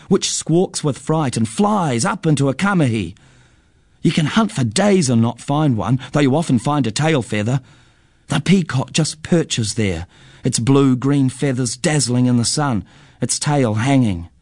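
Storyteller man, measured delivery, mid-pitched voice, very dry close recording. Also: expressive, darkish tone, no room sound. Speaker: narrator. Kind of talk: storybook narration.

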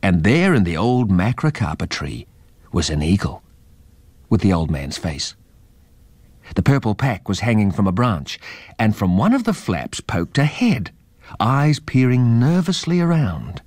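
A man reading a children's story aloud in a measured, expressive way. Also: lowish voice, no room sound.

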